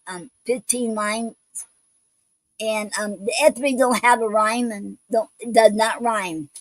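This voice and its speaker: A woman's voice: mid-range voice, dry recording, rough recording. A woman hosting a poetry show, reading poems and explaining a poetic form in a hesitant way, with many ums and restarts.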